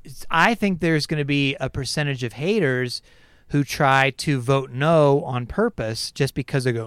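A man co-hosting a podcast in casual chat, animated and teasing, mocking critics in exaggerated voices. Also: medium pitch, normal speed, clean tone, no room sound. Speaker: podcast co-host.

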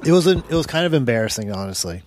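A man from New England, a podcast host, telling relaxed, matter-of-fact anecdotes in casual chat. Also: medium pitch, racing.

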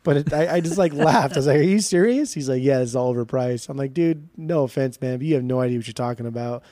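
A man co-hosting a podcast, telling a swearing, animated story in casual chat. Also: mid-range voice, fast, no room sound. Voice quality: profane, animated storytelling with quoted dialogue. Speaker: podcast co-host and record show organizer.

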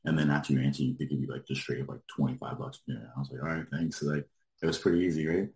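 Very deep-voiced man, casual rambling story. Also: rapid-fire, creaky, a little mellow, roomy sound. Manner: rambling, lots of likes, laughs while telling. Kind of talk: casual chat.

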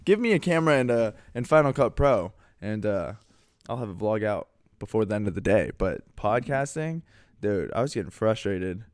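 A man's voice: fairly low pitch, sing-song, normal speed, dry recording. Young man, podcast co-host, joking and teasing, casual chat, dry close mic.

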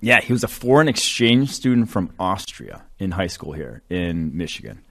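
A man's voice: deep voice, very animated, moderate pace, creaky, a bit bright. A man co-hosting a sports podcast, talking loosely and rambling with lots of fillers. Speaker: podcast co-host, draft analyst. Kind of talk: casual sports podcast chat.

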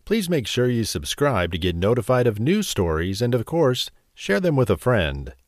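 A man narrating a bedtime story in a slow, expressive, gentle way. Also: mid-range voice, dry recording, clean studio sound.

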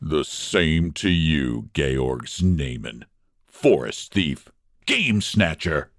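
A man's voice: lowish voice, big pitch swings, normal speed, dry recording, studio quality, pitched above the performer's own voice. A man reading a story and voicing a proud landowner who answers his enemy with fierce, bitter retorts.

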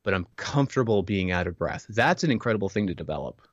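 A man's voice: low voice, expressive, fast talker, no echo, dull audio. A man chatting casually, telling stories with lots of filler words and laughs. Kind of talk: casual chat.

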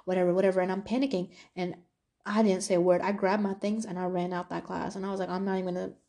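A young woman hosting a podcast, telling a personal story in a casual, animated way with lots of fillers. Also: fairly low pitch, fast. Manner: animated, talkative, many fillers. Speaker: podcast host.

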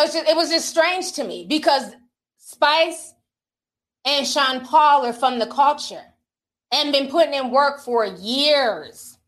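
A woman's voice: high-pitched, a bit bright. A woman giving candid, chatty commentary to camera, talking straight to her viewers and reading out comments. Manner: reads out social media comments. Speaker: entertainment commentator. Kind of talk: casual talk-to-camera commentary.

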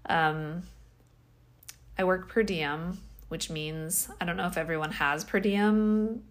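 A woman with a slightly low voice hosts a casual solo podcast. She sounds tired and drained, and she rambles, sighing and laughing softly as she questions herself. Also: steady tone, takes it slowly. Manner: rambling, self-questioning, with sighs and small laughs. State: tired, yawning. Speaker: podcast host.

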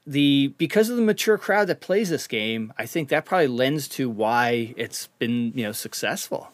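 A man hosting a podcast, chatting in a relaxed way and often backing up his guest. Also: mid-range voice, normal speed, no echo. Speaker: podcast host. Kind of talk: casual podcast interview.

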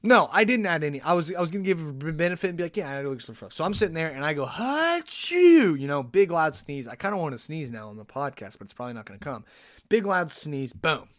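A podcast host with a slightly high voice tells stories solo, rambling fast, animated, and cutting himself off. The recording, made on a podcast microphone, is dry and studio quality.

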